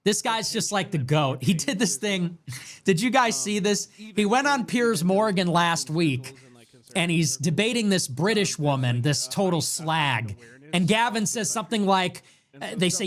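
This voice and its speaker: A man's voice: high-pitched, animated, a little slow, a bit bright. A man hosting a livestream, brash, profane and swaggering as he tells boastful stories. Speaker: livestream host.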